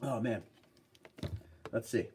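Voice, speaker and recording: A man's voice: mid-range voice, takes it slowly, warm tone, a little hiss or hum. A man hosting a casual livestream, chatting upbeat and rambling as he reads out viewer comments. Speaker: livestream host.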